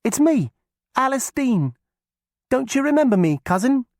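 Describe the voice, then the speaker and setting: A man voicing a bold, quick-witted young girl who talks eagerly and persuasively in a folksy rustic way. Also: very high voice, very animated, a little mellow, dry recording, studio quality, voice pushed up, full character voice. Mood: cheerful. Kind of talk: audiobook character voice.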